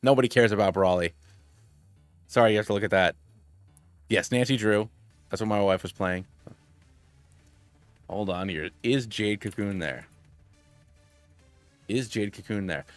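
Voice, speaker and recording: A man in his thirties streaming a game, chatting casually in a rambling, excitable way with many restarts and tangents. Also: on the low side, a little slow, pauses often, dry recording, faint music behind. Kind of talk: casual gaming stream chat.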